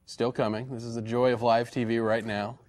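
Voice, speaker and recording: A man's voice: medium pitch, flat delivery, a little fast, darkish tone. A man hosting a live weekly call-in program, talking casually with frequent fillers and restarts. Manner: chatty, many fillers and restarts. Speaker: host of a call-in show.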